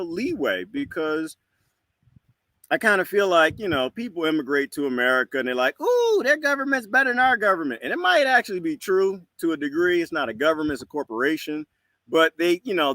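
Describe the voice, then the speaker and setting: A talkative man with a drawl hosts a casual live stream from his patio. His voice is bright and swings up and down a lot as he greets viewers, laughs loudly and rants. The sound is close and dry. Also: on the high side, no room sound. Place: screened patio outdoors at sunset.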